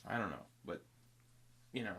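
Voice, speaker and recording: A man's voice: fairly low pitch, very animated, normal speed, fairly bright tone, a little hiss or hum. A man telling a long story in casual podcast chat, rambling and restarting, acting out both sides of the conversation. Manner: rambling, self-interrupting, acts out both sides of dialogue.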